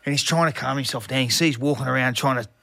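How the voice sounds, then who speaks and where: An Australian man tells footy stories with a bright, forceful voice, recorded dry and close to the mic. He is a former player in his forties and slips into loud impressions of coaches. He laughs his way through his yarns. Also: mid-range voice, racing, creaky, no room sound. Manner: animated anecdotes, acts out shouting coaches, laughs often. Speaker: former rugby league player, podcast guest. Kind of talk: casual storytelling chat.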